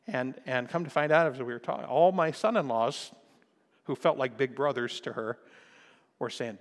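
An older man preaches in a church, telling family stories with a folksy touch and rising to emphatic bursts. His voice sits at a middle pitch. It rings with a long reverb from the sanctuary around him. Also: animated, fast. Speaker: pastor. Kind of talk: sermon.

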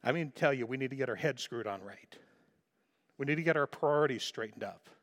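A man's voice: mid-range voice, a little fast, fairly bright tone. A man preaching a sermon as a pastor, fervent and emphatic, repeating phrases for emphasis.

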